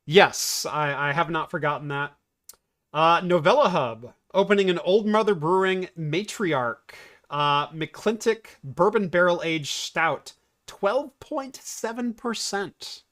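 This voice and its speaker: Chatty high-voiced man hosting. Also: slow, fairly bright tone, dry recording, clean studio sound. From Oregon, US. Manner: chatty, rambling, laughs often. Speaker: podcast host. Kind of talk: casual chat.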